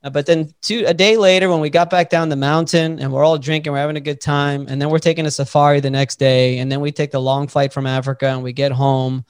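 A man hosting a podcast, telling a story in a lively, casual way and swearing freely. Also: a little high, fast talker, few pauses, clear, resonant tone, dry recording, clean studio sound. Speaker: podcast host.

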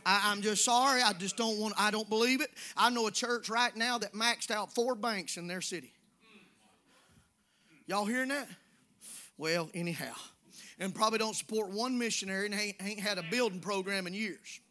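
High, bright preacher. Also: male voice, normal speed. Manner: folksy preaching that swings from hushed asides to shouting. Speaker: pastor. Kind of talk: sermon. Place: church sanctuary.

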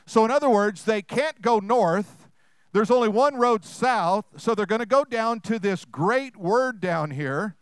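A man with a high, smooth voice preaches a sermon and quizzes the people in front of him. He swings from loud, quick bursts to hushed, drawn-out lines. The sound is dry, with little room echo. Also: animated.

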